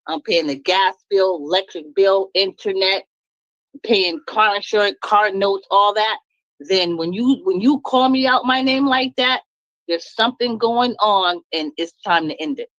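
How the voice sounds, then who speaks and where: A woman's voice: mid-range voice, unhurried, fairly bright tone, no echo, lo-fi sound. A woman speaking up in an online talk room, venting bluntly and emphatically about her marriage and laughing as she talks. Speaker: caller sharing her story.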